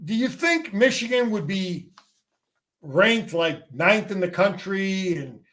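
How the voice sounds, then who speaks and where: Emphatic high-voiced former coach talking football. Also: male voice, big pitch swings, slow, a bit bright. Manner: emphatic, repeats words and restarts, salty. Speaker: former player and coach, guest. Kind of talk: casual sports talk.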